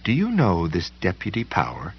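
A man voicing a furious woman turning into a creature, hissing and snarling in half-whispers and shrill outbursts. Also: wildly swooping pitch, moderate pace, husky, lo-fi sound, full character voice. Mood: menacing sweetness.

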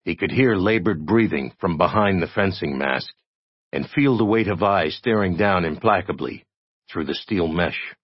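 A man reading a story aloud in a steady, expressive narration. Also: low-pitched, normal speed, husky, dry recording, lo-fi sound. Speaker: audiobook narrator. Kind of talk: scripted narration.

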